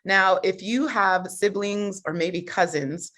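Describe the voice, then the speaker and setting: A woman hosting a live personal growth coaching session at a mid pitch. Her delivery is upbeat and conversational, dotted with frequent laughter. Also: slow pace, fairly bright tone. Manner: upbeat, chatty, laughs often.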